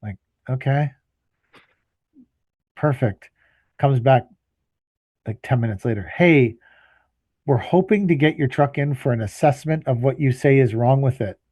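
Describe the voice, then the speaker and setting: Man, podcast co-host, tired and fed up, swearing rant, mellow tone, dry close sound. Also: medium pitch, measured pace, long pauses, no echo. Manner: exasperated, swears often, acts out both sides of phone calls. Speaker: podcast co-host, landscaping business owner. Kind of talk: casual storytelling rant.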